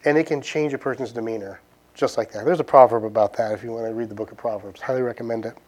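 A man's voice: mid-range voice, steady tone, fast, darkish tone. Chatty southern preacher man. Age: adult, past his teens. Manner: conversational, asks many rhetorical questions. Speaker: pastor. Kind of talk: sermon with closing prayer.

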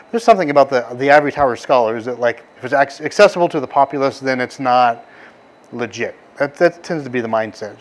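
Man preaching a chatty, rambling sermon. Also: on the high side. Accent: Southern US, softened. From American South. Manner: casual, rambling storytelling with many fillers. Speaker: pastor.

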